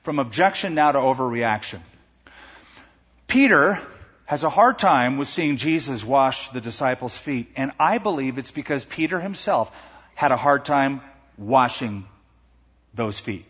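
Lively man preaching in a hall. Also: mid-range voice, a little slow, husky, muffled recording. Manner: animated, acts out quoted voices. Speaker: pastor. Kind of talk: sermon.

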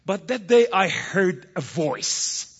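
A middle-aged man preaches a theatrical testimony with a gravelly, husky voice. His pitch leaps and drops widely as he swings from hushed tones to loud outbursts. The recording is dull and lo-fi, with a long echo from a large hall. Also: big pitch swings, slow. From Middle East. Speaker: guest speaker giving testimony.

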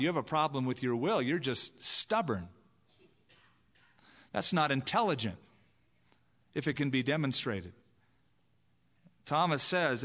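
A pastor preaches conversationally, acting out the voices of the people he quotes. His mid-range voice is a bit bright, trailed by a long reverb tail.

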